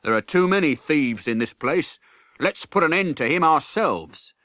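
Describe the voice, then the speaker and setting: A man voicing a big, angry townsman who speaks bluntly and forcefully. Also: fairly high pitch, expressive, measured pace, no echo, studio quality, voice pushed up. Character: big angry townsman, rough mob leader.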